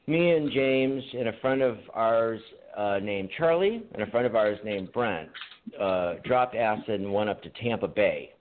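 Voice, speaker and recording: A man's voice: lowish voice, lively intonation, unhurried, slight background noise. A man co-hosting a podcast, telling rambling stories in casual chat with frequent laughter. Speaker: podcast co-host. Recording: tinny phone-like line.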